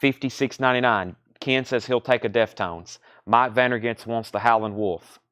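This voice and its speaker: A man hosting a live record sale, quickly calling out prices and reading buyer comments, a little out of breath. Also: medium pitch, fairly bright tone, clear, resonant tone, no room sound, studio quality. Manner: fast, running price calls and reading comments. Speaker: record store host selling live. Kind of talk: live sales stream chat.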